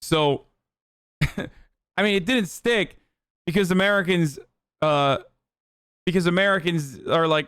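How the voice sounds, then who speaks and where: Speaking slowly with frequent pauses, a man with a high, slightly bright and smooth voice rants through political commentary on his livestream. His delivery is heated, sarcastic and laced with swearing, and the studio-quality recording is dry.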